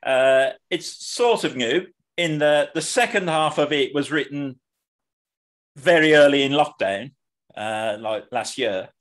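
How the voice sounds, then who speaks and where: A man's voice: medium pitch, lively intonation, unhurried. A British poet introducing his piece at an online open mic, self-deprecating and a bit rambling. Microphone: video call.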